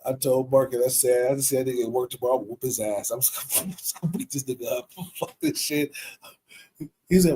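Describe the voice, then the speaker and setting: A man casually telling a profane, animated story on a podcast, laughing often. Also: mid-range voice, fast, breathy edge, rough recording.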